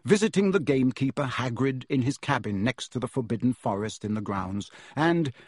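A man narrates an audiobook in a measured yet animated storytelling style, his mid-pitched voice husky-edged and darkish in tone. The recording is dry and close, with no room sound.

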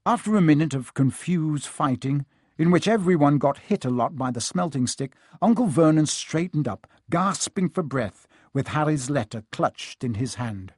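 A man narrating a story in a measured, expressive storytelling manner. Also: fairly high pitch, breathy edge, dry recording, studio quality. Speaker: audiobook narrator.

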